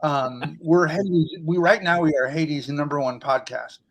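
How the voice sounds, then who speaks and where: A man co-hosting a comedy podcast, joking in a dry, deadpan way and making mock-grand claims. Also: fairly high pitch, moderate pace, a little hiss or hum, rough recording. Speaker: podcast co-host and stand-up comedian. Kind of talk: casual comedy podcast chat.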